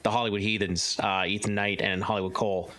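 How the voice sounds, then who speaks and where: A man's voice: on the low side, flat delivery, quick pace, bright, forceful tone. A man co-hosting a podcast in casual chat, talkative and analytical. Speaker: podcast co-host.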